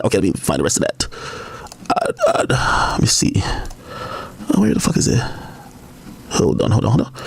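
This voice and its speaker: A man's voice: on the high side, creaky. A man on a livestream reading text messages aloud and cutting in with blunt comments. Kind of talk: heated livestream monologue.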